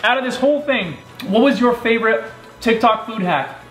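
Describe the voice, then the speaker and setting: A man's voice: extremely high pitch, moderate pace, a bit bright. A man hosting a family vlog in a home kitchen, joking and chatting casually. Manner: playful, joking. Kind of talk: casual chat. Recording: roomy sound with background music.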